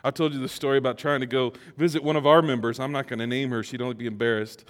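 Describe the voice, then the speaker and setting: A pastor giving a sermon in a conversational way that builds to emphatic peaks. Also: male voice, medium pitch, fairly even intonation, fast, big-room sound.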